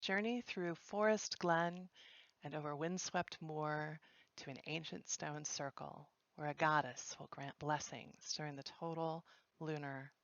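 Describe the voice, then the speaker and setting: A woman hosting a live results stream, chatty and joking, with a low, gravelly voice. The sound is dry and a little dull, as if from a modest home mic. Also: steady tone, unhurried, a bit bright, dry recording. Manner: chatty, joking, self-correcting. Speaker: livestream host announcing results. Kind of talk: casual live-stream announcing.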